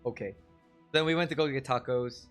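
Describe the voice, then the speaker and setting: A man's voice: mid-range voice, fairly quick, a bit bright. A man streaming live, telling a rambling, self-deprecating story full of fillers and chuckles, with faint music behind him. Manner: chuckles often between phrases.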